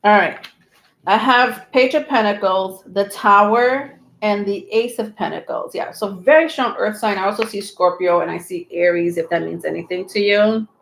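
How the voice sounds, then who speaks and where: A chatty woman reading tarot cards live to her viewers, her talk loose and full of fillers, breaking into laughs now and then. Her voice sits at a middle pitch and rings in an echoey room. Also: normal speed, creaky, fairly bright tone, slight background noise. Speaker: tarot reader.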